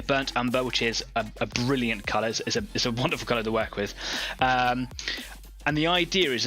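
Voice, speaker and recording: A man's voice: medium pitch, pushed and bright. A young man from Devon with a West Country accent, chatting casually as co-host of an online painting club while he works, rambling and laughing often. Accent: West Country English. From Devon, England. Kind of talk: casual livestream chat while painting miniatures.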